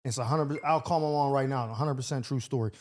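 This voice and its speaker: A man's voice: medium pitch, fast talker, noisy background. A young adult man hosting a podcast in casual chat, talking loosely and rambling. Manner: loose, rambling, full of fillers and restarts. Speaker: podcast host.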